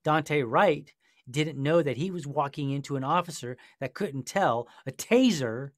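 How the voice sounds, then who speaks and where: A man's voice: fairly high pitch, expressive, a little slow, no echo, studio quality. A man hosting a podcast discussion, telling a story in a passionate, sarcastic way. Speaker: podcast host. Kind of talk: casual discussion.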